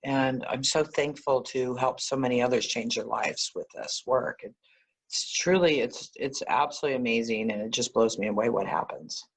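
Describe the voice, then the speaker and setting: A woman guest, an energy healer, telling stories in a conversational interview, animated and often laughing. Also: a bass voice, normal speed, breathy edge. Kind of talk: conversational storytelling.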